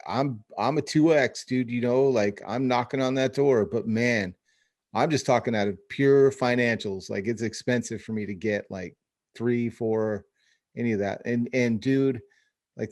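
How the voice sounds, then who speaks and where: A man's voice: medium pitch, fairly even intonation, moderate pace, darkish tone. Rambling casual male podcast host. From Phoenix area, US. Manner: rambling, many restarts, says dude and bro. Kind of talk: casual chat over video call.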